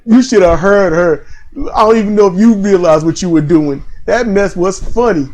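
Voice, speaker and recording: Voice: medium pitch, normal speed, darkish tone. A podcast co-host in casual wrestling commentary chat, telling stories with laughter and mimicking others.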